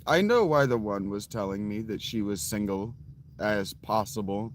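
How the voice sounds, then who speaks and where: A man's voice: on the low side, normal speed, a little hiss or hum. A man in his late thirties telling a story to his viewers in a casual, blunt way, with frequent profanity. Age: late 30s. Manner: blunt, profane, laughs at his own stories. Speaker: vlogger.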